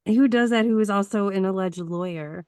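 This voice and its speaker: A woman podcast host interviewing a guest, prompting with quick, incredulous questions. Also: medium pitch, a little mellow, smooth, no echo, clean studio sound.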